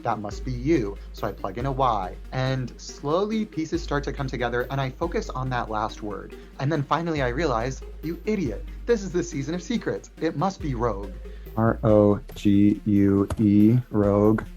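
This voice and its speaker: A man's voice: medium pitch, very animated, normal speed, hardly any pauses, muffled recording. A man gives a reality show confessional. He vents about a puzzle, swearing and mocking himself. Faint music plays underneath. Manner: frustrated, swearing, self-mocking. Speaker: reality competition contestant. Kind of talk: confessional interview.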